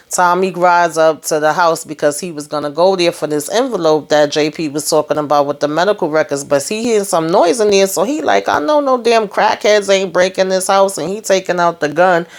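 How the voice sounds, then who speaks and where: Her voice sits low and moves fairly quickly as she recaps a TV episode in a relaxed, slang-heavy way. The reviewer retells scenes with lots of energy, acts out the dialogue, and laughs a lot.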